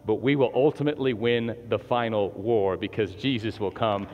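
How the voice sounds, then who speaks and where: A man preaching a sermon as pastor to a live and online congregation, animated and laughing often, moving from loud exhortation to hushed prayer. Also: fairly low pitch, normal speed. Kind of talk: sermon with call and response. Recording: long hall reverb, dull lo-fi sound, faint music.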